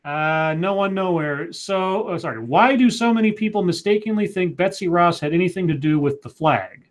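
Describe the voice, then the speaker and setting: A man in his forties co-hosting a casual livestream, reading viewer comments aloud with halting, stammering restarts. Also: high-pitched, animated. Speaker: co-host.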